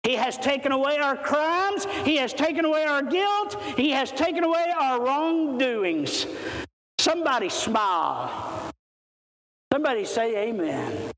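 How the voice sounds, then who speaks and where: A man preaching a sermon, stressing and repeating key words and swinging between soft passages and loud, ringing ones. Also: very high-pitched, lively intonation, unhurried. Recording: echoey hall with long reverb.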